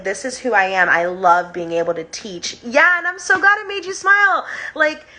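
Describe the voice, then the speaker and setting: A young woman with a fairly high, sharp voice teaches breathwork and chakras in a casual live-stream lesson. She's bubbly and giggly, dropping "like" constantly.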